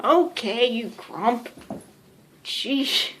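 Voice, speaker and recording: A woman's voice: fairly high pitch, lively intonation, drawn-out words, background noise. A woman filming at home, playfully scolding and teasing her cat in baby talk. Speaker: vlogger. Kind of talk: casual home video talking to her cat.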